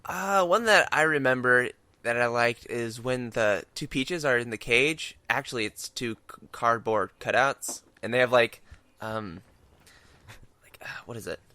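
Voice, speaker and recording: A man chatting as a guest on a casual podcast, laid-back, with brief remarks and pauses to find his words. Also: mid-range voice, pushed and bright, dry recording. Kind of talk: casual chat.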